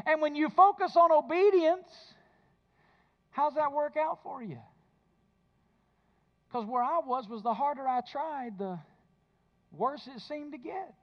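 A man preaching a sermon, moving between low intimate speech and loud emphatic bursts. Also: lo-fi sound. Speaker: pastor.

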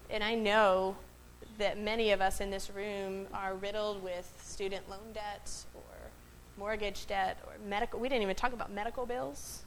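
A woman pastor preaches in a relaxed, conversational way to a congregation. She pauses on "um", checks in with the room, and keeps her voice at an ordinary middle pitch. A faint hum of ambience sits under her. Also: poor audio. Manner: chatty, asks the room questions, frequent "right?" and "um". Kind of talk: conversational sermon. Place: worship space before a congregation.

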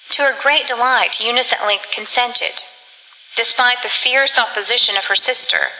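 A woman reading a gothic story aloud as a narrator in measured storytelling. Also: fairly high pitch, sharp tone. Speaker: audiobook narrator. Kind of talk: scripted narration. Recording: long reverb.

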